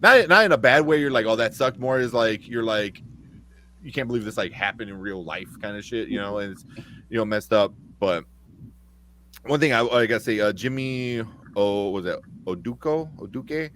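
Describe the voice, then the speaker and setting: A man co-hosting a casual movie review podcast, talking excitedly, swearing freely and retelling scenes. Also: on the low side, normal speed, slight background noise. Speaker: podcast co-host.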